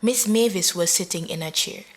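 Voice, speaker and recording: A woman narrating an audio story in a measured, dramatic way. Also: lowish voice.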